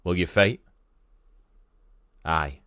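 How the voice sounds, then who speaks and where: Scottish battle speech, deep and booming, slow rallying cry read out by a guy on stream. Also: dry recording, clean studio sound, full character voice. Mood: rousing. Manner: loud, slow and declaiming. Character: rousing medieval Scottish rebel leader speech.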